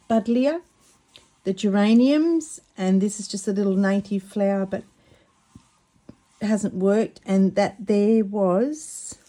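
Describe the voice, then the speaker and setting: Woman, mellow voice, chatty and excitable, trips over words, crafting at home. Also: mid-range voice. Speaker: craft vlogger. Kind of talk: casual craft demonstration.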